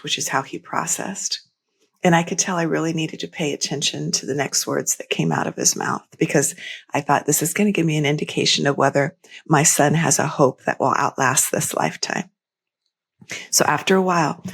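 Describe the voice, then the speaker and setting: A middle-aged woman, a podcast guest, telling a personal story in a gentle, unhurried, tender way. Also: deep voice, breathy edge. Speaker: guest author and speaker. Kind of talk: heartfelt storytelling in interview.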